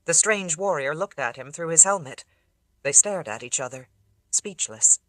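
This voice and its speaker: In a dry, close-miked recording, an audiobook narrator with a mid-range voice reads fantasy fiction at a steady, measured pace.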